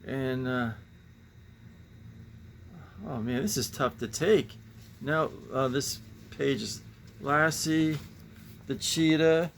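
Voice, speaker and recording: A man's voice: mid-range voice, slow, long pauses, slight background noise. A man hosting a casual show-and-tell about his comic book collection, rambling and musing with sighing asides.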